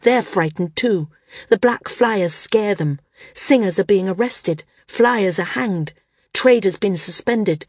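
A woman's voice: mid-range voice, slow, a little mellow, slightly rough, no room sound, studio quality, voice pushed up. A woman voicing a resolute woman flyer who speaks firmly and commandingly. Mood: forceful. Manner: firm, commanding.

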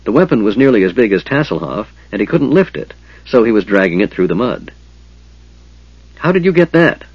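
A man narrating a fantasy audiobook with expressive storytelling. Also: on the low side, quick pace, breathy edge, no room sound, highs cut off.

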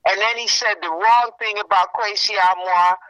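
A woman chatting casually with a friend, telling a story in an animated way and acting out what people said. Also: mid-range voice, moderate pace, no room sound. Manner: animated storytelling, acts out quoted exchanges. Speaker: friend in a phone chat. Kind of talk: casual gossip about a funeral. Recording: muffled lo-fi sound.

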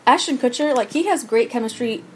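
Woman podcast co-host, slightly high voice, loose and halting delivery with easy laughs. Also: a little mellow, a little hiss or hum, low-quality recording. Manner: rambling, halting, with frequent laughs. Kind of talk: casual chat recap of a TV show.

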